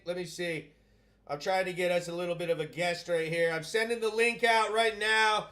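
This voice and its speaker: A man hosting a live stream on his own, reading out viewer comments and giving shout-outs in a loud, profane, hyped way. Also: high voice, normal speed. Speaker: host.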